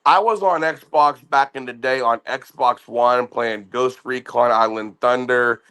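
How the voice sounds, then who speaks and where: A man's voice: mid-range voice, slow, sharp tone, clean tone. A man in his thirties telling a profane story, boastful and laughing, tripping over restarts. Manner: boastful, laughing, swears a lot, stammers on restarts.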